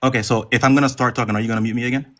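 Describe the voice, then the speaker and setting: Fast-talking middle-aged man, hesitant. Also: mid-range voice, steady tone. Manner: fast, hesitant, restarts when interrupted. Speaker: guest caller. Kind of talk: debate on a live stream.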